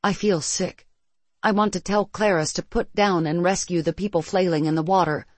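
A narrator reading a first-person science-fiction story in a steady, measured way. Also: medium pitch, no room sound.

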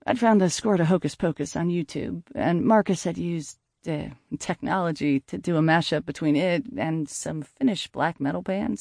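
Male audiobook narrator, mellow and dry, measured conversational read. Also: high voice, creaky, no echo. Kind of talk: first-person audiobook narration.

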